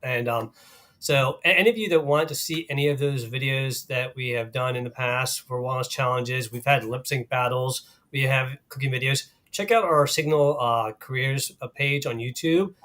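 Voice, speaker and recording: A man's voice: medium pitch, steady tone, normal speed, a bit bright. A man co-hosting a casual workplace live stream, upbeat and laughing often, with many fillers. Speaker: co-host of company live stream. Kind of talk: casual chat.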